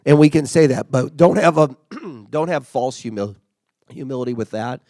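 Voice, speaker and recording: A man's voice: mid-range voice, normal speed, warm tone, no echo. A middle-aged man giving a casual, conversational motivational talk as a workplace leader. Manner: conversational, acts out quoted remarks.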